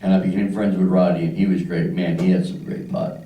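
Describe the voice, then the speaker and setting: A man's voice: deep voice, level tone, brisk, mellow, reverberant, distant mic, rough recording. An older man from Philadelphia doing a crude stand-up routine, acting out the people in his stories. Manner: crude storytelling with voices for characters. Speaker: stand-up comedian. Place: club stage.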